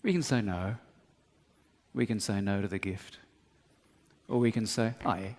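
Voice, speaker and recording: A man's voice: lowish voice, a little slow. A man preaching a sermon, telling comic stories and acting out the voices in them. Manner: animated, acts out voices in his stories. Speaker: pastor. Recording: long hall reverb.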